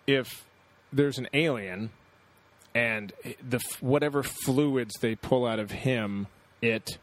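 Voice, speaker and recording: A man talks through a theory in a relaxed podcast conversation. His voice sits in an ordinary middle pitch. He reasons aloud at a measured pace and his sentences drift softly to a close. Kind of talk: casual chat.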